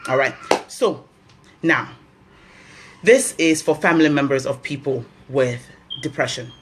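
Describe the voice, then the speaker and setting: A woman's voice: extremely low pitch, a little slow, a little hiss or hum. A woman with a Nigerian accent hosting a health talk, giving earnest advice and repeating key phrases for emphasis.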